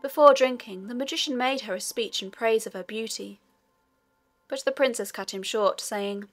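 A woman narrating a fairy tale audiobook in a steady storytelling manner. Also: on the high side, normal speed, faint music behind.

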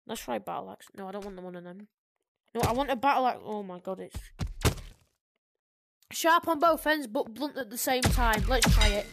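A young woman giving chatty, excitable commentary while playing a VR game, swinging from muttering to sudden shrieks. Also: on the high side, moderate pace, creaky, pauses often. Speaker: gaming video creator. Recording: noisy gameplay recording.

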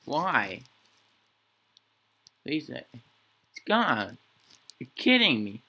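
A man's voice: mid-range voice, very animated, extremely slow, long pauses, sharp tone, husky. A young man giving casual, rambling commentary while playing a horror game, joking and acting spooked as he talks to himself. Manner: rambling, jokey, mock-scared talk to himself. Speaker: gaming channel host.

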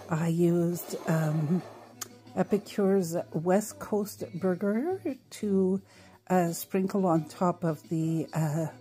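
A middle-aged woman talks viewers through a recipe in her home kitchen, chatty and unhurried, with plenty of fillers. Her voice is low-ish, dark and mellow, and she speaks slowly. Faint music plays behind her. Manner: chatty, unhurried, with frequent fillers and little laughs. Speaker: home cooking show host. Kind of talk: casual cooking demonstration.

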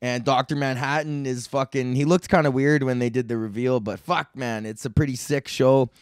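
A man's voice: mid-range voice, fairly even intonation, normal speed, clear, resonant tone, no echo. A young Canadian man rants loosely through his solo comedy podcast, loose and profane, sprinkling "man" and "bro" through every sentence. His voice sits in a middle range. The sound is close and dry, with no room around it. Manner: laid-back, profane, slangy, rambling with frequent "man" and "bro". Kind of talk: casual solo rant.

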